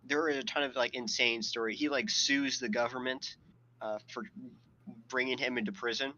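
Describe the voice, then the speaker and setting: A man's voice: mid-range voice, fairly even intonation, moderate pace, dull audio, a crowd in the background. A man hosting a podcast, telling a story in a rambling, profane way, full of fillers and his own laughter. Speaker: podcast host. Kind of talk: casual podcast chat.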